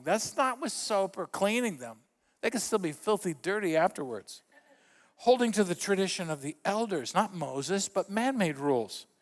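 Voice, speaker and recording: A middle-aged male pastor preaching a sermon in a church, telling stories with lively voice shifts for the quotes. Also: high-pitched, big-room sound. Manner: animated storyteller, acts out quotes with voice shifts. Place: church sanctuary.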